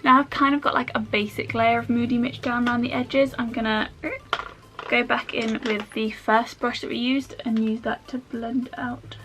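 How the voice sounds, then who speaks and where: A woman's voice: fairly high pitch, little pitch movement, moderate pace, a little hiss or hum. A woman chatting her way through a makeup tutorial at home, rambling with self-mocking asides as she works. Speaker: makeup vlogger.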